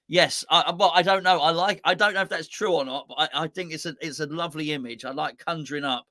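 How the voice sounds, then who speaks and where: A man's voice: fairly high pitch, fast, hardly any pauses, sharp tone, no echo, clean studio sound. A man with a sore throat, hosting a football fan channel in casual, rambling live chat that mocks itself with many restarts. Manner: rambling, jokey and self-mocking, with many restarts.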